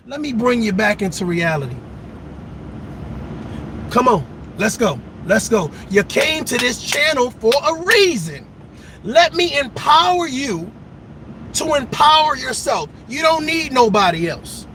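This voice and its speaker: A man with a very high, sharp-edged voice gives an impassioned motivational talk. He preaches and repeats himself, hammering each point and often rising to a shout. A faint hum of noise sits behind him. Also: very animated, a little slow. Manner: preachy, repetitive, emphatic, breaks into shouts. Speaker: motivational vlogger.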